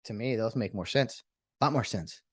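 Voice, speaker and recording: A man's voice: fairly low pitch, normal speed, husky, no room sound. A man hosting his own podcast in a rambling, sarcastic solo monologue that jumps between topics. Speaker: podcast host.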